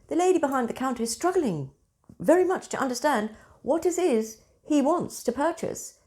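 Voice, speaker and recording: A woman, hosting and telling everyday stories in a casual, expressive monologue. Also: high-pitched, moderate pace. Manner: animated, expressive storyteller. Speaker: spiritual centre host.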